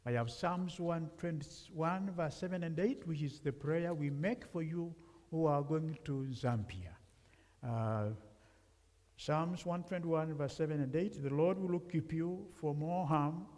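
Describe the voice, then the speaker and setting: A man's voice: fairly high pitch, dark tone. Man preaching in a reverberant church. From Africa. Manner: conversational, asks the congregation questions. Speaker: guest preacher. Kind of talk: sermon with congregation questions. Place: church sanctuary.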